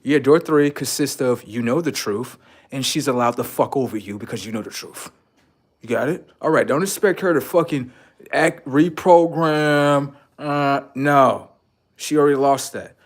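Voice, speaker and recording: A man livestreaming blunt, profane relationship advice, lecturing viewers as "sir" and swinging between loud outbursts and low mutters. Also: moderate pace. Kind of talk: casual livestream monologue.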